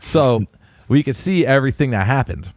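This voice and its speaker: A man in his thirties, co-hosting a podcast, telling a family story in a casual, animated way. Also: moderate pace, no echo, studio quality. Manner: animated storyteller, puts on high voices when quoting a child. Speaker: podcast co-host.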